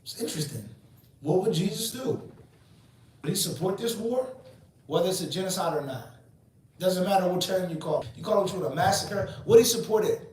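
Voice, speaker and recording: A man's voice: high voice, expressive, a little fast, a little mellow. A man in his forties giving an emphatic Islamic lecture, asking rhetorical questions and answering them himself. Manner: emphatic and preachy. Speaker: Islamic teacher. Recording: very echoey room, mic far off.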